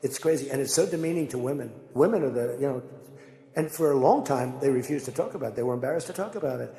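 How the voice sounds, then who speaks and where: An older man giving a rambling, conversational speech to a crowd, telling animated stories as he goes. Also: mid-range voice, quick pace. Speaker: political speaker. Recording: echoey hall with long reverb.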